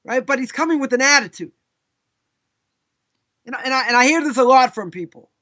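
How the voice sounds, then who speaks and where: A man's voice: very high voice, expressive, brisk, pauses often, pushed and bright, dull audio. A man with a Boston accent, a rabbi giving a live Torah class, telling stories and acting out people's questions in quoted voices. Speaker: rabbi teaching.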